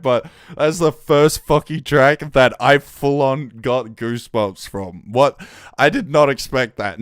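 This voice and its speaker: A man hosting a casual livestream, reacting with excitement to listeners' tracks, swearing often and giving shout-outs. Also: on the high side, smooth, dry recording, clean studio sound.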